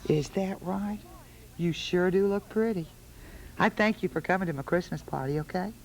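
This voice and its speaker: A woman's voice: lowish voice, normal speed, rough recording. A woman hosting a holiday television show in a studio, coaxing small children with sing-song questions. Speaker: television host.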